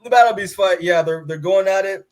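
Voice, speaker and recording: A man's voice: high-pitched, a little fast, a crowd in the background. A man co-hosting a podcast, casually recapping a comic book in a rambling way full of fillers, often acting out the characters' lines. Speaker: podcast co-host.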